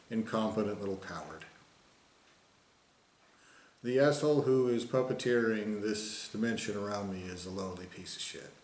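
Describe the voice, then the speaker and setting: Recorded with a roomy echo, this vlogger's medium-pitched, slightly mellow voice carries an angry, profane rant to camera. He keeps repeating phrases and ridicules others in sing-song put-on voices.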